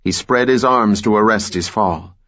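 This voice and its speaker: A man narrating a thriller audiobook in a measured, steady way. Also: lowish voice, dull audio.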